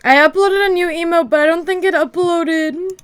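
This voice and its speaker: A woman livestreams from her room at home, rambling casually to her viewers with lots of "like" fillers. Her voice is very high and steady in tone, at a moderate pace.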